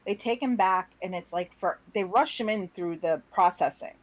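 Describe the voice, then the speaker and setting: A woman co-hosting a casual talk show, telling a story with lively acted-out quotes. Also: medium pitch, moderate pace, low-quality recording. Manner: animated storyteller, acts out quotes. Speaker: co-host. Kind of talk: casual chat.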